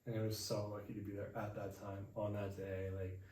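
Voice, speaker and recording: Young guy yarning about his travels, low mellow voice, echoey room and he's kinda far from the mic. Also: brisk, a little hiss or hum. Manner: animated, acts out quoted voices. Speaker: podcast host. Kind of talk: casual storytelling chat. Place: indoors at home.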